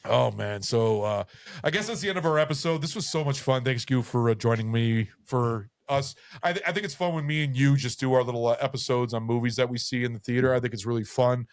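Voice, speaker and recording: A tipsy podcast host rambles in casual chat, loose and profane, packing his talk with fillers and swearing. His mid-range voice holds a steady tone at a fairly quick pace with hardly any pauses, recorded clean in a studio with no room sound.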